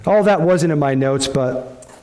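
A man's voice: measured pace, warm tone. A middle-aged male pastor preaching a sermon, retelling a scripture story with emphatic, storytelling delivery. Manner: storytelling with sudden swings in pitch and pace, emphatic.

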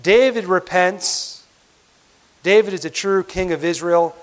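A man preaching a sermon, emphatic, slowing down on key words and asking rhetorical questions. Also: high voice. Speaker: pastor.

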